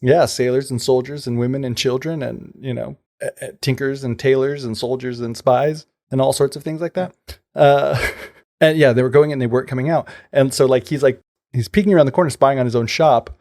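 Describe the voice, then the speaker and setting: Male podcast co-host, mid-pitched and gravelly, casual chatty folk-tale retelling. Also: fairly even intonation, brisk, a little mellow. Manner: loose storytelling peppered with fillers and paraphrased quotes.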